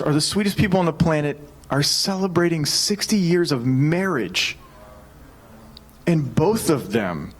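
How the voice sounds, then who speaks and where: A man in his thirties preaching a sermon, telling a personal story in an energetic, joking way. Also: fairly high pitch. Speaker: pastor.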